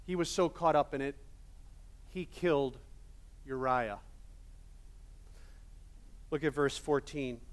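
A male pastor preaching a sermon in a casual, animated storytelling manner with many fillers. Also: on the high side, smooth.

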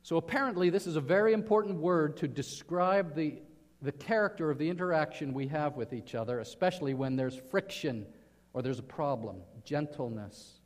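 High-voiced preacher in an echoing hall. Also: male voice, fairly quick. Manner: earnest preaching, asks the listeners questions. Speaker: pastor. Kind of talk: sermon. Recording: reverberant hall.

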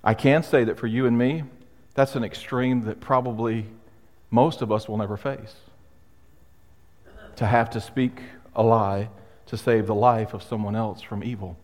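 A male pastor preaching a sermon in a conversational, emphatic way, with pauses for weight. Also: fairly low pitch, steady tone, a little mellow. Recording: long hall reverb.

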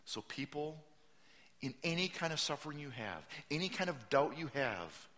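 A man preaching a sermon as pastor, telling stories animatedly, acting out quotes and raising his voice to a shout for emphasis. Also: on the high side, expressive, moderate pace.

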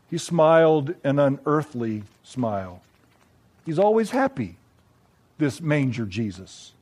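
Slow, reflective male storyteller. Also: fairly high pitch. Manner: reflective, measured, gently wry. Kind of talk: scripted story narration.

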